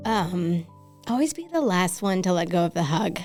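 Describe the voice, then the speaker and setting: Woman cohost on a podcast, lowish voice, candid, pokes fun at herself, soft music underneath. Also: animated, moderate pace. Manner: candid and self-deprecating. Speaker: podcast co-host. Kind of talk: casual podcast conversation.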